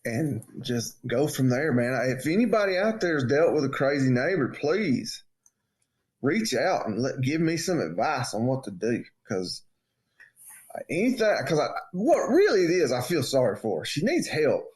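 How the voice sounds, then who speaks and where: A podcast co-host tells a story in casual chat at a normal speed, animated throughout. When he quotes people, he acts them out in a high voice.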